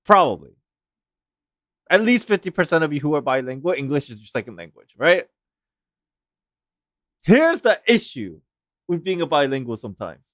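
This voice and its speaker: Animated male streamer. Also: fairly high pitch, normal speed, pauses often, no room sound, studio quality. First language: Korean. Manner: animated, rambling, laughs often. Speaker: game streamer. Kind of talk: casual livestream chat.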